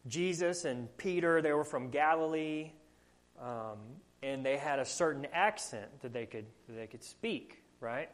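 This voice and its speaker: A man's voice: a little high, normal speed. A man with a Southern US accent preaching a sermon, earnest and full of rhetorical questions. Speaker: pastor.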